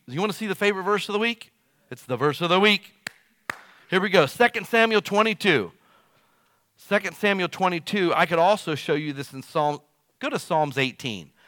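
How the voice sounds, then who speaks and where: Middle-aged male pastor, folksy sermon delivery, bright voice, dry close sound. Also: dry recording. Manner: folksy, conversational preaching with wide swings in pitch and loudness.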